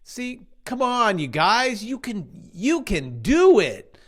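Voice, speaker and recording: A man's voice: high-pitched, wildly swooping pitch, slow, a bit bright. A middle-aged man in a casual vlog, ranting sarcastically and mimicking doubters while walking through trading charts. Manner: sarcastic, jumpy, mocking voices of doubters. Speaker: crypto trading vlogger. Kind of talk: casual rant and chart walkthrough.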